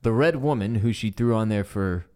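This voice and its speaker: Animated man recapping a TV episode. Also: fairly low pitch, normal speed, smooth. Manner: animated retelling, acts out character quotes, swears casually. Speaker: podcast co-host. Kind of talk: casual TV recap chat.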